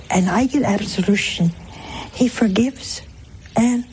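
A woman's voice: on the high side, darkish tone, slight background noise, low-quality recording. A woman preaching a sermon, telling everyday stories and acting out the dialogue. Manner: slow, storytelling, with quoted dialogue and laughter. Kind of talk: sermon with anecdotes.

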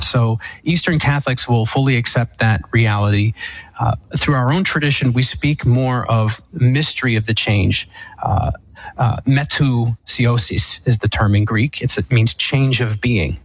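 An Eastern Catholic priest answers a caller's question on a call-in show, explaining church teaching with many restarts and fillers. His mid-range voice has a breathy edge, and the recording is dry and low-quality.

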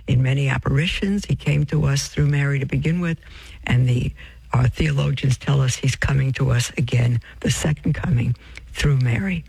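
Male preacher, gravelly and a little husky, reads a religious text aloud and drifts into asides, close dry sound. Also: mid-range voice, darkish tone, dry recording, poor audio. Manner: addresses listeners as beloved, reads with off-script asides and self-corrections. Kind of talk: sermon reading from a text with asides.

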